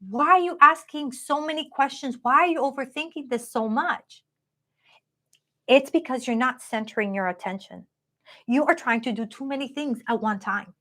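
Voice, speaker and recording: A woman's voice: high-pitched, moderate pace, pushed and bright. A woman giving a live-streamed tarot reading in a chatty, upbeat way, talking straight to her viewers. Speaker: tarot card reader.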